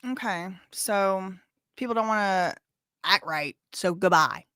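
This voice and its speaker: A woman's voice: medium pitch, takes it slowly, pushed and bright, smooth, dry recording, clean studio sound. A woman hosting a livestream, answering chat questions in a sassy, blunt, casual way. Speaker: livestream host.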